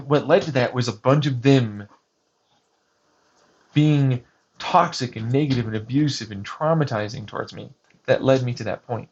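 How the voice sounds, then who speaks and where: A man's voice: mid-range voice, creaky, a little mellow, husky. Guy rambling and cursing through a story on a hike, kinda dull muffled audio. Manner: rambling, profane, restarts often. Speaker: vlogger. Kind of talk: rambling personal monologue. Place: outdoors on a hiking trail. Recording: muffled lo-fi recording.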